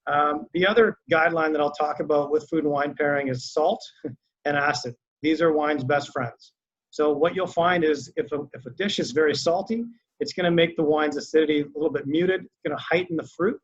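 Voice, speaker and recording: A man, a winery sales rep, talks through a wine tasting in a relaxed, conversational way on a video call, with many fillers. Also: a little high, a little fast. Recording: muffled lo-fi call audio.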